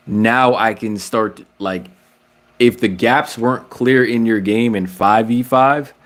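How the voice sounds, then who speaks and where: Slangy man riffing on basketball. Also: fairly low pitch. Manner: slangy, frequent restarts, rising when excited. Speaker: basketball commentator vlogger. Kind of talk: casual opinion vlog.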